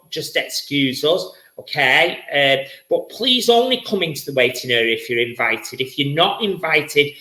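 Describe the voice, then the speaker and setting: A man leads a live-streamed spirit reading as a psychic medium, effusive and chatty, repeating his words as he goes. His voice is bright and forceful, and it rings with a roomy echo. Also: fairly high pitch.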